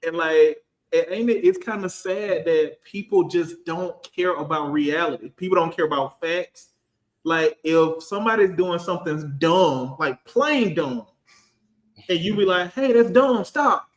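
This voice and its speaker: A man in his thirties, a finance professional on a casual business panel, talking in an animated, slangy way and acting out quoted voices. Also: fairly high pitch, measured pace, echoey room. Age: 30s.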